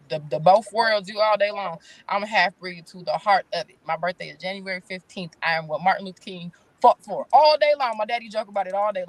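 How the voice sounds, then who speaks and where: A woman in her thirties, a talk show guest, speaking candidly in casual chat with blunt, slangy phrasing. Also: sits low. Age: 30s.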